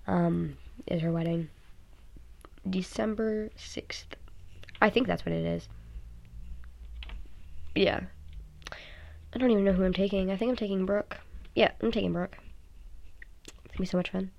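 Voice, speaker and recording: A woman's voice: medium pitch, steady tone, unhurried, creaky, long pauses, a little mellow, dull audio. A tired teenage girl at home rambling through a casual vlog into her phone, talking in loose run-on thoughts full of "like" and "um". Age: teens. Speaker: vlogger. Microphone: phone app recording.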